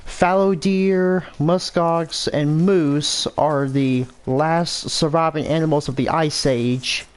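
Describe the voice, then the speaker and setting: American man, slow, higher-pitched, rambling self-correcting game commentary. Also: steady tone, clean tone. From United States. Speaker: gameplay commentator. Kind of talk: casual gameplay commentary.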